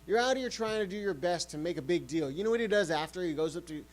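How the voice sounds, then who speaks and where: A man's voice: sits high, lively intonation, fast talker, rough recording. A man hosting a sports podcast, ranting heatedly and swearing often. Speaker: podcast host.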